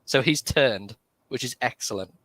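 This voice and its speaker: A man's voice: medium pitch, moderate pace, a bit bright, no echo. Playful British man, dry sound. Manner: laughs easily, playful. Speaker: co-host. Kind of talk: casual banter on a livestream.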